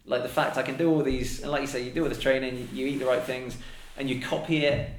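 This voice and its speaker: A man's voice: mid-range voice, fairly even intonation, fast. A man talking casually as a podcast guest, chatty and fond of acting out little quoted exchanges. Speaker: podcast guest, elite mountain runner. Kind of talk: casual conversation. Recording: roomy echo.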